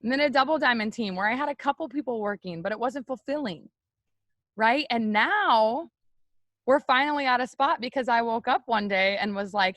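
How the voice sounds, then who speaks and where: A young woman leading a team, giving a loud, energetic, chatty motivational talk straight to her viewers on a live stream. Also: a little high, brisk, no echo. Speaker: network marketing team leader on a live stream.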